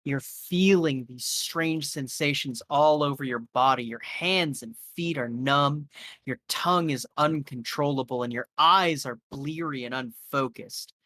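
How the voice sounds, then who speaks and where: A man's voice: on the high side, unhurried, bright, forceful tone, no echo, studio quality. A man serving as game master, narrating a horror scene in a loose style full of fillers.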